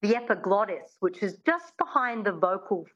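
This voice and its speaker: A woman, a dialect coach explaining in an interview and demonstrating sounds slowly and precisely. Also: mid-range voice, animated, a bit bright, lo-fi sound. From Australia. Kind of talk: conversational interview, teaching.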